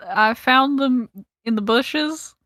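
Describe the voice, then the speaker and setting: A woman's voice: high voice, slow, a bit bright, dry recording. A woman playing in a tabletop role-play game, giggly and playful. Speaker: player.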